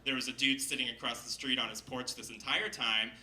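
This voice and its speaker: A man telling a funny personal story on stage to a live audience, lively and laughing as he goes, acting out the people he quotes. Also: mid-range voice, a little fast, roomy sound, distant mic, rough recording. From Seattle. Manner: animated, laughing, acts out quoted voices.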